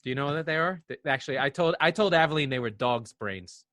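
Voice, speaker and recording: A man's voice: a little high, lively intonation, fast talker, sharp tone, a little hiss or hum. A man from France co-hosting a podcast, chatting casually with a teasing, sarcastic sense of humor. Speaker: podcast co-host. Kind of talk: casual chat.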